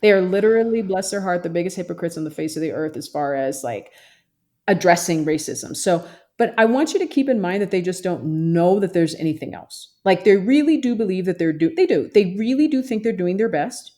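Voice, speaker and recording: A woman's voice: lowish voice, expressive, a little fast, dark tone. A woman therapist talking emphatically in a podcast interview, often mimicking other people's voices. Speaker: therapist and social worker guest.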